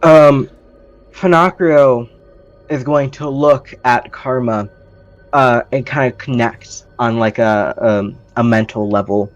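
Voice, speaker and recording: A man's voice: medium pitch, slow, dull audio, soft background music. A man playing a tabletop game, describing his character's actions hesitantly with many fillers. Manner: hesitant, filler-heavy narration. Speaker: player.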